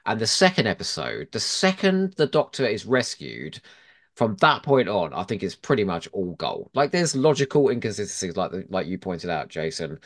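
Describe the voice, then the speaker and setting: A podcast guest argues his case with eager, opinionated enthusiasm throughout a casual chat. His voice is fairly low and moves at a normal speed, with pitch that swings widely as he gets animated.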